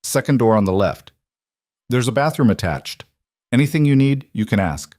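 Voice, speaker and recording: A man voicing a cold, controlled crime boss who speaks quietly and with certainty. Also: mid-range voice, lively intonation, normal speed, dry recording, studio quality, voice pushed up, natural voice. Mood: quiet, firm.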